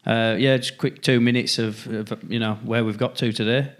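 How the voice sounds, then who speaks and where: A podcast co-host puts a question to his guest in halting phrases. He repeats words and leans on fillers as he goes. His voice sits at an ordinary middle pitch for a man. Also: level tone. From England. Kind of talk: interview question.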